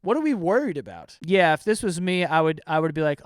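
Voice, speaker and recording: Guy in his 30s ranting and cursing about rude customers, voice a bit high and smooth, dry close mic. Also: brisk, no room sound. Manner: animated, ranting, swears, acts out angry voices. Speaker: host reacting to stories. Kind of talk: casual reaction commentary.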